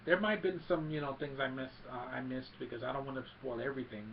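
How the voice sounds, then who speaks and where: Gravelly man eagerly retelling a movie. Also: medium pitch, steady tone, fast talker. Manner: rambling, eager retelling with restarts. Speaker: film reviewer. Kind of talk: casual movie recap. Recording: dull lo-fi with faint hiss.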